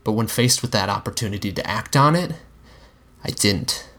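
A man giving a measured, dramatic reading of a dark fan fiction story. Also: on the low side, expressive. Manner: measured, dramatic narration with acted dialogue. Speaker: story reader.

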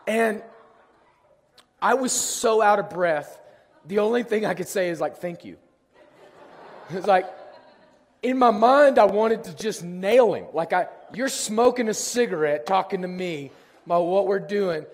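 A man with a hoarse, worn-out voice preaching a sermon, telling self-deprecating stories with jokes. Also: high voice, normal speed. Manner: self-deprecating storytelling, lively and joking. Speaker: pastor. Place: church sanctuary. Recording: long hall reverb.

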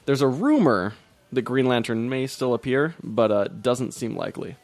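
A man's voice: medium pitch, lively intonation, moderate pace, creaky, a little mellow, no room sound. A man co-hosting a casual podcast, joking around and reading news items aloud. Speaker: podcast co-host. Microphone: podcast mic.

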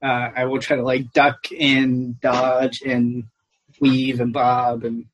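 A man's voice: mid-range voice, monotone, slow pace, breathy edge, no room sound, highs cut off. A man playing a tabletop game, answering in an easygoing way. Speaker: player.

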